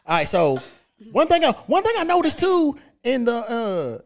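A man's voice: very high-pitched, wildly swooping pitch, moderate pace. A man hosting a podcast, asking questions in loose, slangy, profane banter. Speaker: podcast host. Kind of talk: casual podcast interview.

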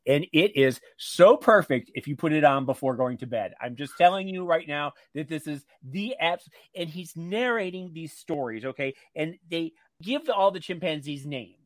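A man's voice: a little high, moderate pace, few pauses, no room sound. Gushing man chatting on radio. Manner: animated, gushing recommendation. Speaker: radio co-host. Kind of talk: casual chat. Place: radio studio.

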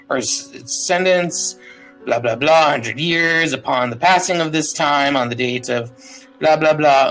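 A man reads a long legal deed aloud during a tabletop game, pausing and stumbling over the words. His voice sits a little above the usual male range. Faint music plays quietly underneath. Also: fairly high pitch, low-quality recording. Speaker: player.

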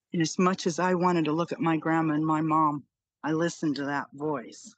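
A woman's voice: sits low, steady tone, moderate pace, no echo. A woman in her fifties, a podcast guest, earnestly telling a personal story and repeating phrases for emphasis.

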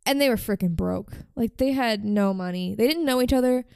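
Brief: woman podcast host, casual storyteller, a bit high and smooth, dry sound. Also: brisk, a little mellow, no echo. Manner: chatty, frequent "like" fillers.

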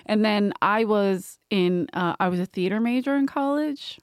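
A woman's voice: medium pitch, normal speed, clean tone, no room sound, studio quality. A middle-aged woman with a Philadelphia accent, hosting a casual comedy podcast chat and telling stories with laughs. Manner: laughing, animated storytelling. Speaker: podcast host.

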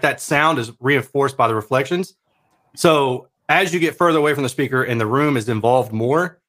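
A man's voice: medium pitch, fairly bright tone. A man co-hosting a casual podcast, laid-back and explaining audio technical detail at length. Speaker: podcast co-host, speaker reviewer. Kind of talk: casual chat.

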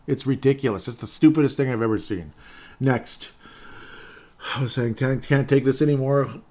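A man's voice: medium pitch, normal speed, dark tone. A man hosting a solo sports podcast, reading listener messages and launching into sarcastic rants, often repeating his own phrases. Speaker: podcast host.

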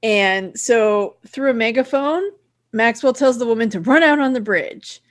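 A woman co-hosts a podcast, recapping a cartoon in easy, casual chat. She sounds chatty and enthusiastic, and her voice sits a little high. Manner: chatty, enthusiastic, quick to laugh along. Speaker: podcast co-host.

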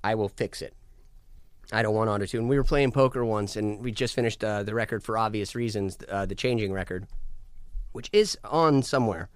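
Animated swearing male storyteller. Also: lowish voice, a little fast, smooth, no echo. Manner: animated, swearing, acts out quotes. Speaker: musician guest. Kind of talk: casual storytelling.

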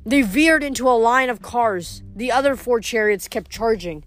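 A woman reading a novel aloud in a plain, steady way, stumbling now and then and correcting herself. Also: a little high, moderate pace, soft background music. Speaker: audiobook reader.

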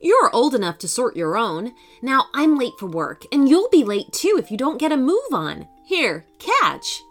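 A woman voicing a cheerful mother who gently teases her son. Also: a little high, very animated, unhurried, soft background music, full character voice. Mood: teasing. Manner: gently teasing. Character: cheerful, teasing mother, amused.

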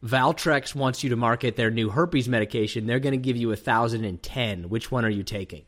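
A man's voice: mid-range voice, brisk, a bit bright. A man hosting a talk show, teasing his co-host in dry, casual banter.

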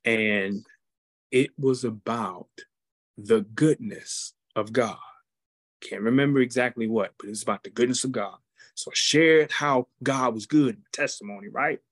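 Animated preacherly male storyteller. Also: medium pitch, husky, no echo. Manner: animated, acts out quotes, preacherly asides. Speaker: football team chaplain. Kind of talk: testimony storytelling.

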